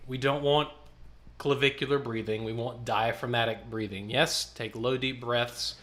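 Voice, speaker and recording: A man leading a choir warm-up, coaching and demonstrating vocal exercises as a choir director. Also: medium pitch, fairly even intonation, normal speed.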